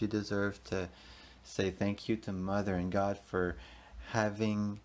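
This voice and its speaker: A man's voice: fairly low pitch, level tone, a little slow, a little mellow. A man in his thirties, hosting a podcast as a rambling, profane, confessional solo monologue. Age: 30s. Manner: rambling, profane, emotional, talks to himself. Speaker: podcast host.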